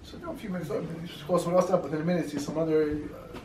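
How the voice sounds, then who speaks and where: Male class teacher, quick animated storyteller, recorded distant in a reverberant room. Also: a little high. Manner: fast, animated storytelling with many fillers. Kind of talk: informal Torah class with students. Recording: echoey room, mic far off, faint noise.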